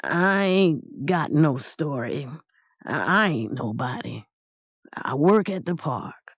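A woman's voice: low-pitched, expressive, takes it slowly, husky, dry recording, exaggerated voice. A woman voicing a grizzled, shy old man who works at a park, talking hesitantly with folksy, ungrammatical speech, in a dull, dry recording. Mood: gruff.

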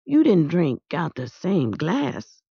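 A woman's voice: lowish voice, sing-song, slow, slightly rough, dry recording, exaggerated voice. A woman voicing a grizzled, shy old man who works at a park, talking hesitantly with folksy, ungrammatical speech, in a dull, dry recording. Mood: puzzled.

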